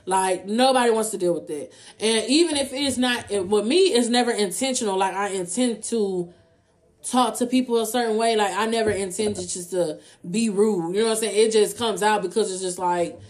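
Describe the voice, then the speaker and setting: A woman's voice: medium pitch, normal speed. A young adult woman, talking casually to her viewers. She speaks bluntly, swears freely and keeps asking "you know what I'm saying". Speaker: vlogger. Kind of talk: casual free talk to viewers.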